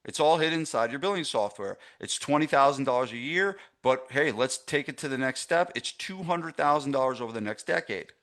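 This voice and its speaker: A man's voice: medium pitch, expressive, brisk, hardly any pauses, a bit bright. A middle-aged man teaching a live online masterclass for gym owners, stressing points and checking in with his audience. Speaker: gym business coach.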